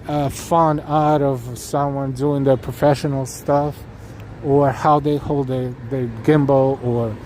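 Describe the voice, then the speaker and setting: This chatty, earnest man hosts a live-stream walking tour, talking directly to viewers and reading the chat aloud while strolling a city street in the evening. His voice is a little high and mellow, recorded on a handheld camera rig with faint city traffic behind him.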